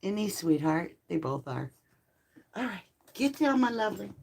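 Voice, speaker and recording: A woman's voice: mid-range voice, big pitch swings, moderate pace, gravelly, a little mellow, slight background noise. A middle-aged woman hosting a live tarot stream, chatting casually with viewers and cooing baby talk at her dogs.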